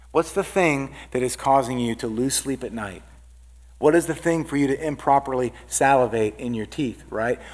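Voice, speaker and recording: A middle-aged pastor delivering a sermon at a medium pitch. He talks earnestly, lifting his voice when he reads scripture aloud and dropping it for quieter points. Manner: earnest preaching, lively rises on quoted scripture.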